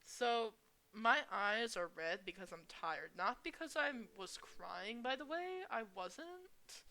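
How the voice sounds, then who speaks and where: A woman's voice: fairly high pitch, animated, slow pace, sharp tone, heavily acted, rough recording. A woman doing a proud, defensive teenage girl. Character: proud teenage girl hiding her tears.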